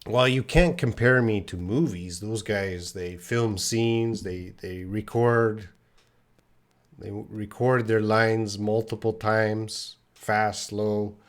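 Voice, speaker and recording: Guy teaching english live, reads chat questions and fixes them, slow clear talk, lowish voice, tired. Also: steady tone. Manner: speaks slowly and clearly for learners. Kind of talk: live online lesson, answering chat questions.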